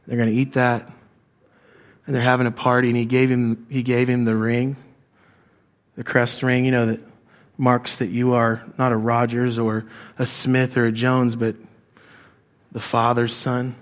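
A man doing a low, hushed farmhand spilling gossip. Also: level tone, a little slow, long pauses, close to an everyday voice. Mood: confiding. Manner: low, confiding, murmured.

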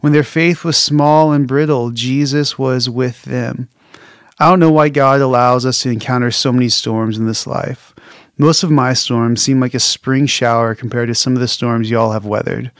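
A man's voice: mid-range voice, fairly even intonation, normal speed, no room sound, clean studio sound. A male pastor giving a sermon in a candid, reflective and conversational way.

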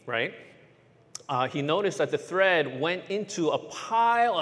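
A pastor telling a children's sermon as an animated story, often checking in with his listeners with "right?". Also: a little high, big-room sound.

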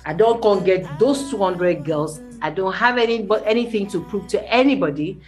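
A woman's voice: medium pitch, moderate pace, a little mellow, faint music behind. Nigerian Pidgin woman telling her story. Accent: Nigerian Pidgin English. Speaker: studio guest. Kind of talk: radio interview in Pidgin.

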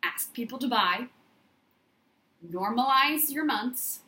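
A woman's voice: a little high, animated, slow, pushed and bright. Emphatic woman coach in a roomy space. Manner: emphatic, repetitive, affirmation-style. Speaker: business coach. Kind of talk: motivational podcast monologue.

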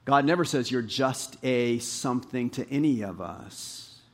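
A man preaching a sermon as pastor, animated, rising to emphatic highs and dropping low. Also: measured pace.

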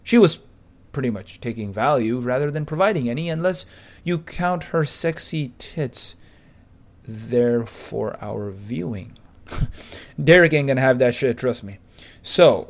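A man's voice: mid-range voice, lively intonation, measured pace. A man reading a first-person nightclub story aloud in a boastful, hyped way, full of crude slang. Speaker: podcast narrator.

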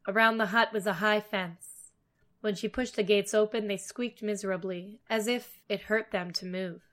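Woman, storyteller, fairy tale reading, steady, wry asides. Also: medium pitch, normal speed.

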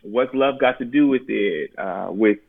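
A male actor talks loosely and playfully as an interview guest, often breaking into laughter. His voice sits low. The sound is dull and lo-fi, like a remote call. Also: measured pace, vocal fry, slightly rough. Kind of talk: casual interview chat.

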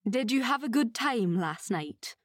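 A woman voicing a kind, tired mother speaking gently to two young girls. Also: a little high, lively intonation, unhurried, dry recording, studio quality. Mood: kindly.

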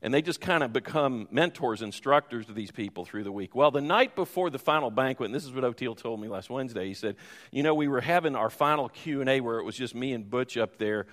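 Pastor preaching in a reverberant church. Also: male voice, medium pitch, expressive, fast talker, a bit bright. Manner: rambling anecdotal storytelling with many fillers. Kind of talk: sermon. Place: church sanctuary. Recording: long hall reverb.

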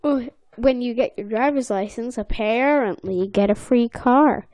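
A woman's voice: on the high side, moderate pace, darkish tone, no room sound. A woman co-hosting a podcast, chatting casually and playfully, sometimes slipping into silly voices. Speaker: podcast co-host. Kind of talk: casual chat recapping a cartoon episode.

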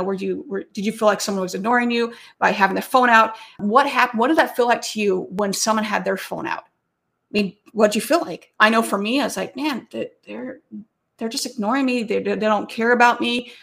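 A woman's voice: mid-range voice, vocal fry, a bit bright. A woman, around her thirties, telling a personal story in a chatty talk, with many restarts and asides.

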